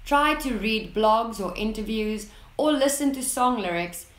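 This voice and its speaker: A woman narrating an English lesson in a slow, deliberate way, reading out example sentences with clear enunciation. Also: a little high, lively intonation, echoey room. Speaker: English teacher.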